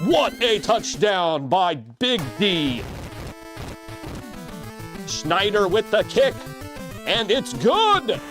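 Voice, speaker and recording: A man calls play-by-play for a video game football match in a high, very lively voice that jumps up into shouts on big plays. His delivery is comedic and crude, full of quick jokes. Music plays clearly in the background. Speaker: play-by-play commentator.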